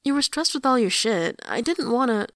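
A woman voicing a restless teenage boy who blurts things out quickly, in an audiobook reading. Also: on the high side, sing-song, a bit bright, dry recording, clean studio sound, pitched above the performer's own voice. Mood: defensive. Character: scrappy young teen boy, blunt and restless.

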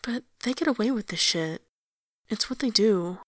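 A woman voicing a guarded young woman who speaks in clipped, sharp bursts. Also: mid-range voice, expressive, moderate pace, dry recording, clean studio sound, natural voice. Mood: bitter. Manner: sharp, clipped, through the teeth.

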